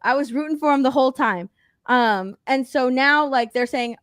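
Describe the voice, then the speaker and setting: A high-pitched woman talks through a movie scene by scene on a casual podcast, animated and swearing freely, jumping into the characters' voices. The sound is dry and close, with no room around her. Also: fairly quick, no room sound. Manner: animated, profane, acts out characters' lines. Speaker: podcast co-host. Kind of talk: casual chat recapping a movie.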